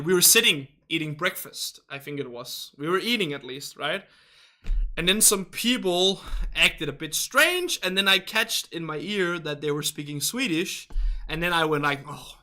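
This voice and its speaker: A man's voice: on the high side, bright, forceful tone. A young man with a Danish accent, hosting a game livestream and chatting casually with viewers in English, his second language, often restarting and asking how to say words. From Denmark. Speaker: livestream host. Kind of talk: casual chat reading viewer comments.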